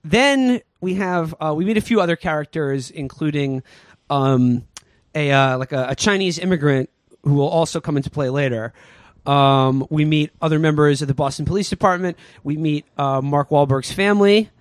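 A man's voice: a little high, moderate pace, no echo. A man co-hosting a podcast, rambling through a comic movie recap full of fillers and asides. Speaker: podcast co-host. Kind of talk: casual comedic movie recap.

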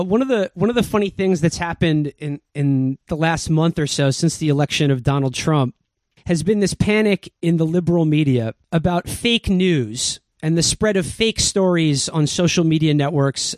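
A man's voice: fairly high pitch, a little mellow, dry recording, clean studio sound. A man interviewing a guest in a conversational way, wry and dryly joking.

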